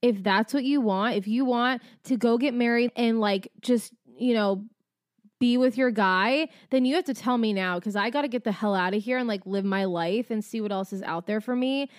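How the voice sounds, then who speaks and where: A young woman co-hosts a podcast with a slightly higher, smooth voice. She chats in an upbeat way, jumps in with quick reactions and says what she thinks bluntly. The recording is dry and close. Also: no echo. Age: young adult. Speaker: podcast co-host. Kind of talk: casual chat.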